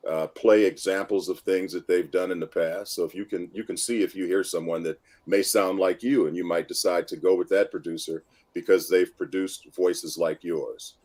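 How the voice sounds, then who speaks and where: A man with a very low voice speaks over a video call. He gives calm, measured advice, pausing for an occasional um. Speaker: guest, voice-over coach. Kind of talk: casual interview advice.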